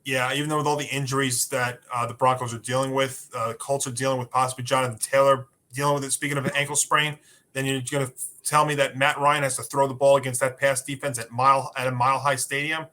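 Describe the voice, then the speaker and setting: A man guesting on a sports podcast has a bright, forward voice. He works through his reasoning in long, run-on stretches, with fillers along the way. The tone is casual analysis. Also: mid-range voice, little pitch movement, quick pace.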